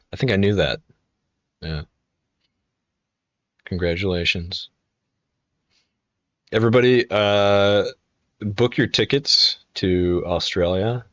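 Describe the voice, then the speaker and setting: A man's voice: low-pitched, expressive, slow, pauses often, a bit bright, no room sound, highs cut off. A man in his twenties chatting casually on a live stream, telling rambling, profane stories full of fillers and restarts. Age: 20s.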